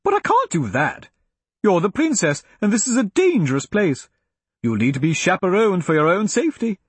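A fussy, insistent old chaperone woman, put on by a male narrator in an audiobook, her voice pushed up high and pleading. The sound is husky and dry, close to the mic. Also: wildly swooping pitch, moderate pace, no room sound, heavily acted.

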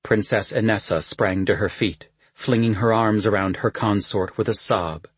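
A man reading a novel aloud as an audiobook narrator, in a measured, even manner. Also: fairly low pitch, husky, no room sound. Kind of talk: scripted narration.

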